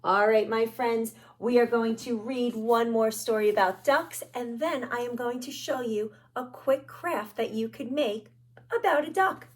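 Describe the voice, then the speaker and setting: A woman reading a picture book aloud to young children, gentle and pointing out the pictures as she goes. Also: fairly high pitch, fairly even intonation, measured pace, few pauses. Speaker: children's storyteller.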